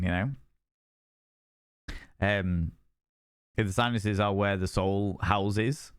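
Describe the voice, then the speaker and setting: A man's voice: on the low side, fairly bright tone, clear, resonant tone, dry recording, clean studio sound. A man chatting casually with viewers on a game stream, rambling and repeating himself.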